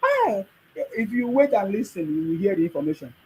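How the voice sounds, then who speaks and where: This is a man with a Nigerian accent and a noticeably high voice, hosting a live stream. He speaks emphatically, repeats his points, and talks back to his viewers' comments in a preachy way. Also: wildly swooping pitch, brisk, darkish tone, breathy edge, poor audio. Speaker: livestream host.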